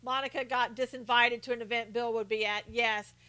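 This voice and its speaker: Female live-stream host, high and bright, chatty, greets viewers by name, dry close sound. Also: brisk, smooth, no room sound. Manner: animated storyteller with frequent laughs. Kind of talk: casual live-stream chat.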